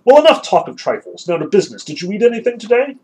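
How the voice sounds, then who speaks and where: A man doing a sneering husky young seminarian. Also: high voice, very animated, fast, darkish tone, a little hiss or hum, voice pushed up. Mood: goading. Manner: sneering, goading. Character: mocking unscrupulous young male seminarian. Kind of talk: dramatic reading of a novel.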